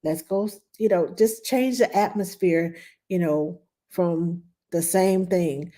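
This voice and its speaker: A woman's voice: on the low side, slow. A middle-aged woman, a nanny giving chatty parenting advice and answering viewer questions on a live stream. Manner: chatty, loose, reads viewer questions aloud and greets viewers brightly.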